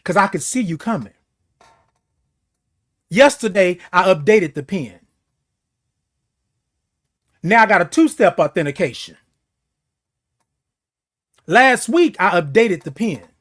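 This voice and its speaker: A man delivers a motivational morning talk in a high voice that leaps up and down in pitch. He preaches in repeated phrases and throws in playful beeping noises. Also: big pitch swings, slow pace, long pauses, fairly bright tone. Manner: preachy, repetitive, makes beeping sounds. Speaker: host. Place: seated in a chair.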